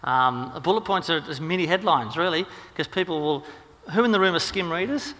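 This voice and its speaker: Aussie guy talking fast at a seminar, bright edgy voice, lots of hall reverb. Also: a little high. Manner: rapid, energetic, lots of ums and restarts. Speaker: marketing seminar speaker. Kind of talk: seminar presentation.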